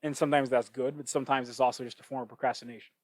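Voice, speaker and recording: A man talks through his ideas in a loose, reflective solo podcast, circling back and restarting as he thinks. His voice sits at an ordinary middle pitch. The sound is dry and close, from a cheap microphone. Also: level tone, rapid-fire, no echo, rough recording. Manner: thinking out loud, with frequent restarts and asides. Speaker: podcast host. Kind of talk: casual reflective monologue.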